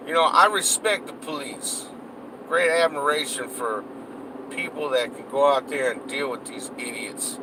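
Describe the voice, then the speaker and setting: Man, slightly high voice, angry cursing rant, road and engine noise behind. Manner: heated, cursing, repetitive. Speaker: political vlogger.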